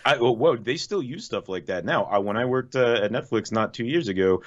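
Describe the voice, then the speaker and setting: A man's voice: mid-range voice, expressive, a little fast. A man in his thirties co-hosting a podcast, teasing his friend, swearing freely and restarting his sentences. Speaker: podcast co-host. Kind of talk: casual chat. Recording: dull lo-fi mic.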